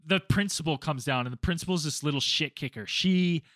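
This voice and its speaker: A man with a high, bright voice tells a story to his friends in a lively, profane way. He shouts out the quoted lines. The sound is dry and close to the mic. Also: a little fast, no echo. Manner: animated, acts out quotes, swears a lot. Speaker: storyteller, former teacher abroad. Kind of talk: casual storytelling among friends.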